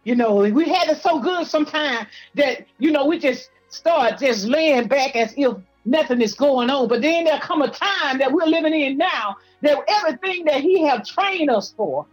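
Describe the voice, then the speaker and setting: A woman's voice: sits high, lively intonation, normal speed, few pauses, soft background music, low-quality recording. A woman preacher from Georgia, giving a fervent, rhythmic testimony with repetitions, her voice teary and breaking at times. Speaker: apostle, guest preacher.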